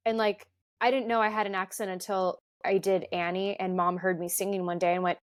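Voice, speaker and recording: A woman's voice: fairly low pitch, fairly even intonation, moderate pace. Chatty woman co-hosting a podcast. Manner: chatty, self-interrupting. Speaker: podcast co-host. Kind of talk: casual chat.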